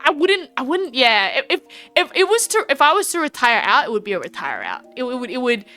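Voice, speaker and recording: A woman's voice: high-pitched, very animated, brisk, bright, forceful tone, faint music behind. A young Australian woman streaming live, chatting in a rambling way with lots of fillers and restarts. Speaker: VTuber streamer. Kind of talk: casual livestream chat.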